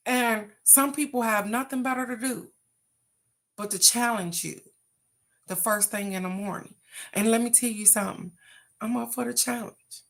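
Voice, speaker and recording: A woman's voice: mid-range voice, moderate pace, pauses often, a bit bright. Encouraging woman reading oracle cards. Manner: encouraging, motivational, talks straight to viewers. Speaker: oracle card reader, livestream host. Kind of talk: casual live card reading.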